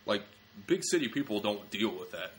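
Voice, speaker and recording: A young adult man, a comedian, telling rambling self-mocking stories in casual podcast chat, acting out quick quotes. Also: fairly low pitch, sing-song, a little hiss or hum. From small-town Ohio. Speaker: comedian guest.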